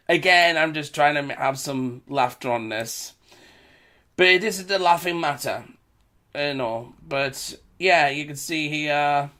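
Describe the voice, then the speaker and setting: A man's voice: fairly high pitch, bright, forceful tone. A British man talking in a casual, rambling commentary vlog. He repeats himself and chuckles between remarks. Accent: British English. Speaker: vlogger.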